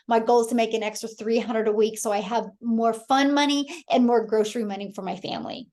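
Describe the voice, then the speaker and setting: A woman's voice: fairly high pitch, steady tone, brisk, a little mellow. A woman in her thirties from Kansas hosting a live webinar, telling a story with enthusiasm and often addressing her audience as "you guys". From Kansas, USA. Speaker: host. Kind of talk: live webinar sales talk.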